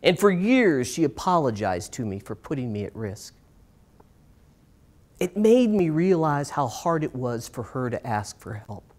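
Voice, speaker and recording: A middle-aged man giving a live storytelling performance, swinging between bright lifts and hushed, slowed moments, with dramatic pauses. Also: mid-range voice, big pitch swings. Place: stage in a small performance space.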